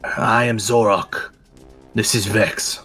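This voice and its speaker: Guy playing a terse formal monk, slow, slightly off mic, low bright voice. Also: fairly even intonation, slightly rough, faint music behind, heavily acted. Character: stern male githzerai monk, terse and formal.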